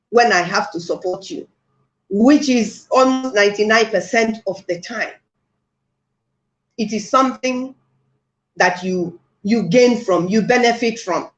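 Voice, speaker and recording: A woman with a Nigerian accent giving an impassioned address, repeating phrases for emphasis. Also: a little high. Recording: echoey room, dull lo-fi sound.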